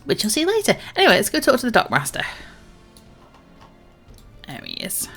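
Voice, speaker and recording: A woman's voice: fairly high pitch, wildly swooping pitch, moderate pace, a bit bright, breathy edge, faint music behind. A woman streaming a video game, chatting casually and rambling with lots of ums. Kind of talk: casual gameplay commentary.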